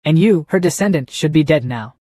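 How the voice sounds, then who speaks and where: A man's voice: a little high, lively intonation, a little fast, dark tone, no room sound, clean studio sound. A man voicing a scheming, boastful old male monk who talks in a mocking, gloating way.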